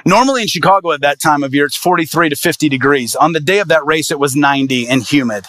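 A man, an evangelist, telling a personal story in a sermon with lively, animated delivery. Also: on the high side, fast talker. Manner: animated, lively storyteller voicing quoted people.

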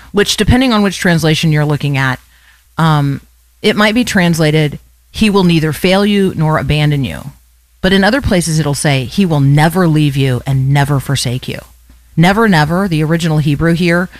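A radio host delivers a short devotional with earnest emphasis, leaning on repeated words. The sound is dry and close, with no room around it. The pitch sits in a middle register. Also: no echo.

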